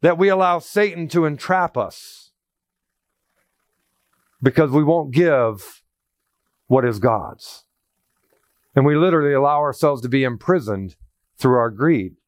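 A man preaching a sermon, emphatic and animated, quoting scripture with a raised voice. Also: fairly high pitch, unhurried, pauses often, no room sound, clean studio sound. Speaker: pastor.

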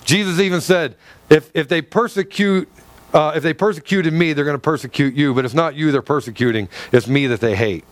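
High-voiced animated male preacher. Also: a little fast. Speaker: pastor. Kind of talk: sermon.

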